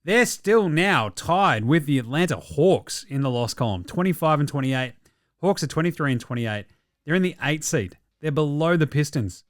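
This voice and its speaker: A man, hosting a casual basketball show and ranting about games and trades with plenty of swearing. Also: on the high side. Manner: fast, sweary, excitable ranting. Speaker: host. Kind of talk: casual sports commentary.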